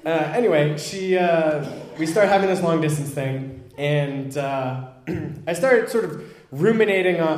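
A man's voice: fairly high pitch, a little slow, echoey room, a little hiss or hum. A young man candidly telling a self-deprecating personal story, acting out what people said.

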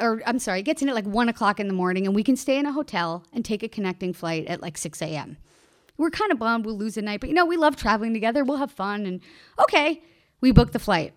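A woman telling a personal travel story in an animated way, laughing and acting out the people she quotes. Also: a little high.

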